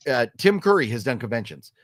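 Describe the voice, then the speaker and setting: A man's voice: medium pitch, sing-song, fairly quick, no echo, studio quality. A middle-aged man hosting a casual vlog, talking through his opinions in a rambling way, with lots of ums and restarts. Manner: acts out quoted lines while telling a story. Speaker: vlog host reviewing a horror movie trailer.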